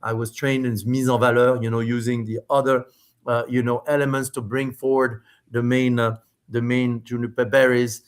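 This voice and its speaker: Animated middle-aged man. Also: mid-range voice, clear, resonant tone. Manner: animated, quick bursts with many restarts and fillers. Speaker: spirits company founder, podcast guest. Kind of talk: storytelling in a casual interview.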